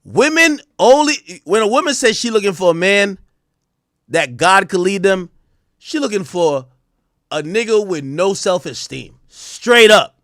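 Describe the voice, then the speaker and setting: Ranting crudely to his live-stream chat, a man speaks in a very high voice with wild jumps in pitch, keeping a measured pace while occasionally bursting into shouting. The audio is close and dry, with no room sound.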